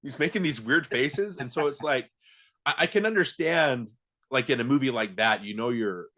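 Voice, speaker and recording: A man's voice: medium pitch, expressive, moderate pace, sharp tone. A man hosting a podcast, talking casually and laughing as he acts out movie lines. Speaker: podcast host.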